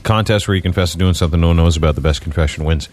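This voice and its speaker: A man's voice: low-pitched, rapid-fire, a little mellow, soft background music. A man hosting a radio show in the studio, brash and joking, in casual banter with callers and co-hosts. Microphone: studio microphone.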